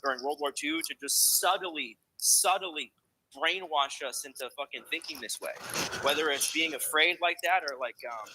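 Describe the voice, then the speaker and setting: Guy on a podcast, kinda high voice, rambling tangents, swears a lot. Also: normal speed, background noise. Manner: rambling, profane, goes off on tangents. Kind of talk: casual podcast chat.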